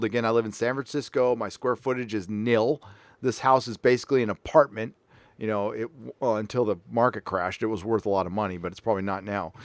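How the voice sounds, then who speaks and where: A man's voice: medium pitch, no echo. A middle-aged man hosting a casual panel show from his home recording room, telling a story animatedly and swearing freely. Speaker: podcast host.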